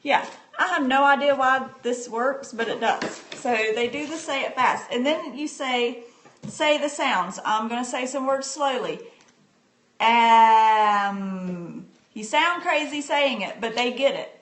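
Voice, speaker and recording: A woman's voice: high voice, lively intonation, slow pace. A homeschooling mother demonstrating a reading book on a casual live stream, chatting and answering viewers' comments with plenty of fillers. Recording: echoey room with faint background noise.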